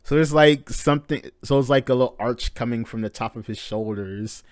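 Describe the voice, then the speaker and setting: A man hosting a live manga reading reaction, narrating panels with excited swearing and casual talk. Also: mid-range voice, a little fast, clean tone, dry recording, clean studio sound.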